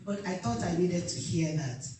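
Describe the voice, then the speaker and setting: A woman's voice: fairly low pitch, lively intonation, moderate pace, warm tone. A middle-aged woman giving an earnest, emotional personal testimony and acting out the dialogue as she tells it. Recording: very echoey room, mic far off.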